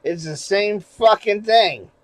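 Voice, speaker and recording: A man live streaming in casual chat, rambling and swearing, going from mumbles to loud rants. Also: sits high, lively intonation, slow pace, no echo, rough recording. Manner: rambling, profane, shifts from mumbling to loud ranting.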